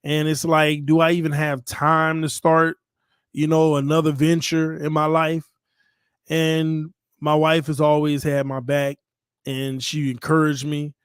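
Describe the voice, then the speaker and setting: A man's voice: a little high, completely flat delivery, measured pace, clear, resonant tone, no room sound, clean studio sound. A man in his thirties hosting a casual live stream, talking in a heartfelt, playful way. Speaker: channel host.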